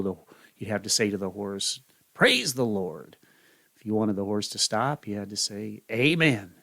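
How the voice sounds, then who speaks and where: Man, radio host, gravelly tone, dry close sound, lively storyteller. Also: on the low side, no room sound. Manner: animated storyteller. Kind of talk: casual joke telling.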